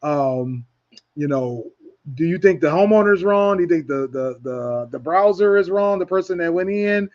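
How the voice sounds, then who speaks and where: Male talk show host, loose rambling delivery, slightly raised pitch, muffled stream sound. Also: expressive, normal speed, darkish tone. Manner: rambling, many restarts. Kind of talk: casual chat.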